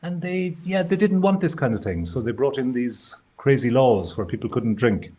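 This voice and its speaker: A man's voice: mid-range voice, animated, normal speed, warm tone, slightly rough. A man from Ireland co-hosting a live stream, chatting in a wry, storytelling way. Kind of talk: casual live-stream chat.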